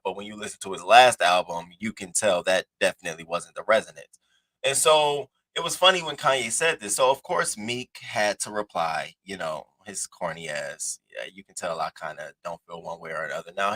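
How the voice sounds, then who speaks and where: A man's voice: on the low side, sharp tone, low-quality recording. A man hosting a celebrity news show, delivering a heated, profane commentary rant. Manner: blunt and profane, emphatic.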